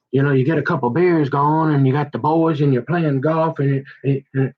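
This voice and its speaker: A man spins a meandering, joking story full of restarts, "you know"s and folksy slang. His voice sits a little high for a man. The recording is dull and lo-fi. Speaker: vlogger. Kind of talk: rambling comedic monologue.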